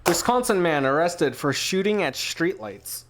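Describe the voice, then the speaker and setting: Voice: mid-range voice, very animated, measured pace, noisy background. A podcast co-host reading news headlines aloud in a casual, profane, joking chat. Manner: playful, profane, acts out scenes in funny voices.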